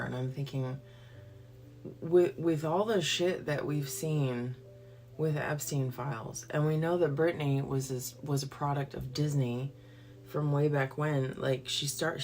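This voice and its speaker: Woman livestreaming, fiery profane ranter with a lowish voice; faint music underneath. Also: measured pace, mellow. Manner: blunt, profane and fired up. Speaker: livestream host. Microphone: phone or computer livestream.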